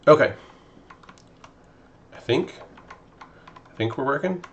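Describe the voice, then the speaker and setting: A man's voice: fairly high pitch, lively intonation, takes it slowly, lo-fi sound, a little hiss or hum. A man streaming game development, talking casually and muttering to himself as he debugs code. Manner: muttering to himself while debugging, thinking aloud. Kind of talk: casual live-stream chat while coding.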